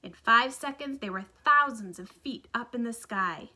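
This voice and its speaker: A woman reading a children's book aloud with lively, expressive narration. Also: a little high, moderate pace. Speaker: storybook reader.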